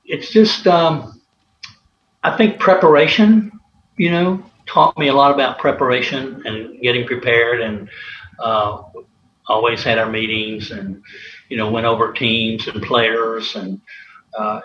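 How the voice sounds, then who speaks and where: A man's voice: medium pitch, slow, fairly bright tone. A man, a former college athlete, telling anecdotes in a rambling way with many fillers and chuckles. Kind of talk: casual storytelling interview. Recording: roomy, slightly dull, faint hiss.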